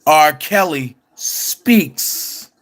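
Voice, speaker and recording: A man hosting an online commentary show, speaking in a casual, emphatic way with drawn-out phrases. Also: a little high, animated, fairly bright tone. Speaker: commentary channel host.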